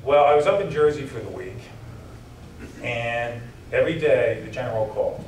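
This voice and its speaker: A man's voice: medium pitch, normal speed, darkish tone, slight background noise. A man gives a heartfelt banquet keynote in a mid-range voice. His voice sinks and catches as the stories turn tender. The sound is roomy and comes from well back in the hall, with a faint murmur of room ambience behind him. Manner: heartfelt, voice drops and chokes up at tender moments. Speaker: keynote speaker. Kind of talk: emotional personal speech. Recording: roomy hall recording from a distance.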